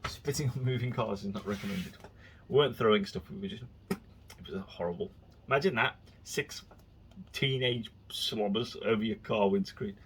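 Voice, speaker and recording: A man's voice: on the low side, moderate pace, fairly bright tone, a little hiss or hum. A man talking in a casual solo monologue, rambling and chatty with frequent restarts as he tells stories. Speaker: vlogger.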